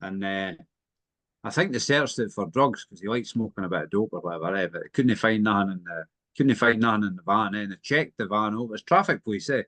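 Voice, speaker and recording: A man's voice: lowish voice, fast, sharp tone, no room sound. Man, co-host, easygoing storyteller with chuckles, dry close sound. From Scotland. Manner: chuckling storyteller, tags lines with "eh?". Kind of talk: casual chat.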